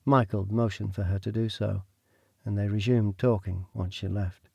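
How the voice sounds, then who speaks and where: A man narrating an audiobook in a steady, even storytelling manner. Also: on the low side, moderate pace, gravelly, breathy edge, no room sound. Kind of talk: scripted narration.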